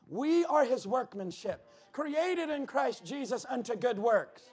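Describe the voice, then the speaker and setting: A pastor preaching a sermon in church, building to shouted emphasis and dropping into quick asides to the congregation. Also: male voice, very high voice, animated, slightly rough.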